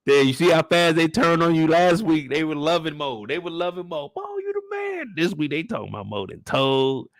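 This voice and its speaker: A man hosting a casual, joking recap of a TV episode, animated and profane. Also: on the high side, brisk, few pauses, dry recording, clean studio sound. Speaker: YouTube show recap host. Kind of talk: casual comedic commentary.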